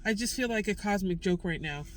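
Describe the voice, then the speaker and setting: A woman's voice: mid-range voice, expressive, fairly quick, a little hiss or hum, poor audio. A young woman vlogging candidly, venting raw frustration in casual slang. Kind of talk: candid personal vlog.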